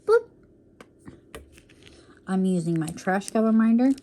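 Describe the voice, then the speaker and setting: Her voice is mid-range, mellow, and lively in intonation, and she doesn't hurry. As she works on a diamond painting, this woman vlogs in a chatty way, calling her audience y'all and often pausing for apologetic asides or to talk to herself.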